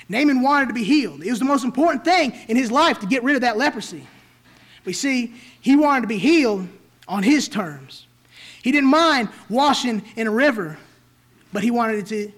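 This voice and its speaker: A man's voice: very high-pitched, a bit bright. A man preaching a sermon in an emphatic, repetitive rhetorical style.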